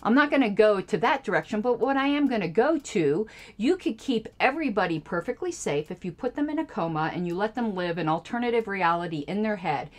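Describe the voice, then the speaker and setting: A woman's voice: medium pitch, expressive, brisk, few pauses. A woman hosting a radio show, giving sarcastic, indignant political commentary on clips she plays. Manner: sarcastic and indignant, jokey asides.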